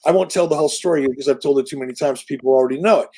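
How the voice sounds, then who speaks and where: A middle-aged man telling an animated, profane, salesman-like story as an interview guest. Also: mid-range voice, rapid-fire, breathy edge. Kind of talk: casual storytelling.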